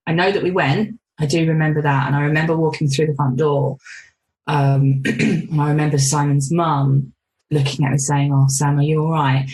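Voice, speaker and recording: A woman speaks as a podcast guest, her voice sitting low. She tells her own story openly and plainly, with a wry laugh slipping in now and then. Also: darkish tone, low-quality recording. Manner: frank, laughs through hard memories. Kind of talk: candid personal storytelling.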